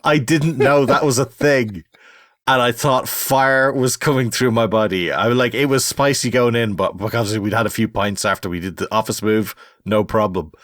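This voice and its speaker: A middle-aged man hosting a casual podcast chat, telling lively stories. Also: mid-range voice, normal speed, no echo, studio quality. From Ireland. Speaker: podcast host.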